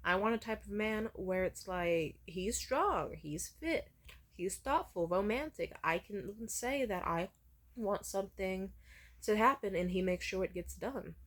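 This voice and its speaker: A woman's voice: medium pitch, animated, moderate pace, a bit bright. A young woman telling a personal story candidly in a vlog, swearing freely. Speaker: vlogger.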